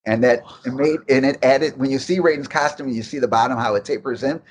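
Talking fast in a mid-range voice over slight background noise, this interview guest recalls making a game. His stories are long, rambling, animated and riddled with restarts.

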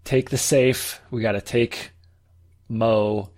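A man playing a tabletop role-playing game, describing his character's actions and speaking in character in a low-key way. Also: fairly even intonation, slow pace, darkish tone. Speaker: player.

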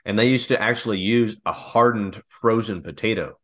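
A man's voice: fairly low pitch, normal speed. A man co-hosting a casual comedic chat, rambling into long joking hypotheticals. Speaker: podcast co-host.

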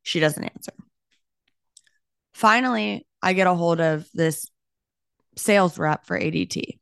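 A young woman, a realtor hosting her own podcast, telling a story in an animated, casual way and saying "like" a lot. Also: fairly low pitch, measured pace, vocal fry, smooth, no room sound, studio quality. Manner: animated, talks with her hands, heavy use of "like".

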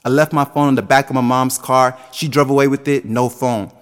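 In a large hall, a man in his twenties preaches a sermon with a passionate, sing-song cadence that rises and falls. His mid-range voice is smooth and a little fast, though the delivery itself is flat.

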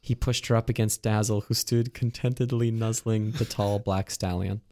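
A man's voice: fairly low pitch, steady tone, moderate pace, mellow. A man co-hosting a comedy podcast, reading a parody romance aloud and chatting playfully, swearing casually. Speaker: podcast co-host.

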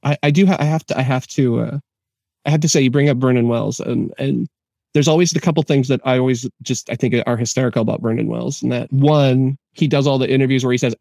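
Mellow-voiced man talking films. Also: mid-range voice, fairly even intonation, fast, vocal fry, dry recording. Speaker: podcast co-host. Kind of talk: casual film discussion.

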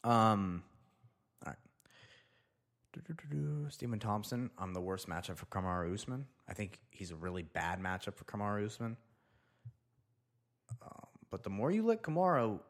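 A young man hosting a casual solo show, rambling loosely and talking to himself as he reads through items. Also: on the low side. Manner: loose, rambling, talks to himself while reading. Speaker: podcast host.

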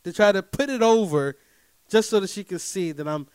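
A man spins a personal story straight to his audience in a slightly high voice, animated and emphatic. He keeps checking in with his listeners and swings from loud bursts to low, muttered asides. The sound is close and dry, with no room around it. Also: normal speed, clean tone, no echo. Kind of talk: casual storytelling monologue.

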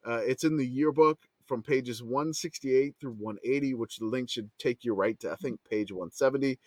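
A man hosting a casual podcast chat, excitable, swearing and laughing as he talks. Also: medium pitch, normal speed, dry recording. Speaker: podcast host.

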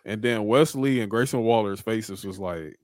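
A man co-hosting a podcast, his voice sitting on the low side. He chats loosely, swears a lot, and slips into quick impressions when he retells a scene. The recording is close and dry, with no room sound. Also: no room sound. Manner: laid-back, swears freely, acts out quoted wrestlers. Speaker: podcast co-host. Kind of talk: casual wrestling chat.

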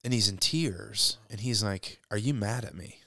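A man talking about faith in a casual conversation, reflective and halting, often restarting his sentences. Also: fairly low pitch, gravelly, fairly bright tone, no echo, studio quality.

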